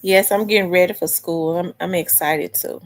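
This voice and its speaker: A woman's voice: lowish voice, steady tone, moderate pace. A woman hosting a casual livestream, chatting with viewers in a loose, rambling way. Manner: chatty, restarts and talks back to chat comments. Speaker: livestream host. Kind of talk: casual chat with live viewers.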